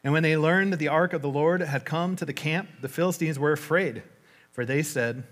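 A man preaching a sermon in a conversational way, retelling a story with lively asides. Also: on the high side, brisk.

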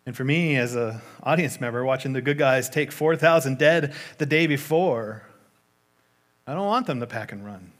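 A man preaches a sermon, retelling scripture as vivid storytelling. He talks conversationally, with casual asides to his listeners. His voice sits at an average male pitch. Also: normal speed, fairly bright tone.

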